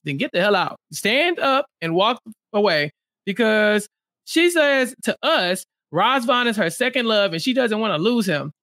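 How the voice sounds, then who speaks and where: A co-host in a casual TV recap chat, blunt and exasperated, dropping low for emphasis. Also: very animated, moderate pace, a bit bright, dry recording, clean studio sound. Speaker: podcast co-host.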